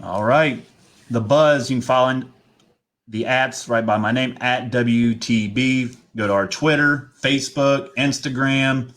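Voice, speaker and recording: A man's voice: mid-range voice, a little slow. Man talking football. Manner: animated, opinionated, rambling. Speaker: podcast co-host. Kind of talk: casual sports talk.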